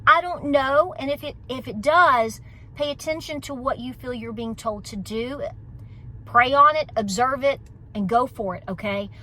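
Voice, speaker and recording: A woman's voice: sits high, normal speed, bright, forceful tone. Folksy East Tennessee woman vlogging. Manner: chatty, folksy, teasing. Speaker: homestead vlogger. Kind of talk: casual vlog chat. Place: in a car, then outdoors.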